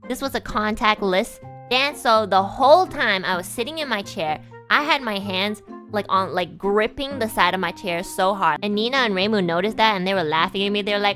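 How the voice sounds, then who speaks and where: A woman VTuber telling a story casually on stream, animated, swearing freely and laughing often. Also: on the high side, moderate pace, faint music behind.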